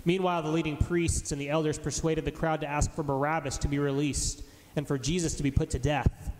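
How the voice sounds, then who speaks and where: A man giving a formal, measured reading of scripture aloud. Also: fairly high pitch, level tone, darkish tone. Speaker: scripture reader. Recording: echoey hall with faint noise.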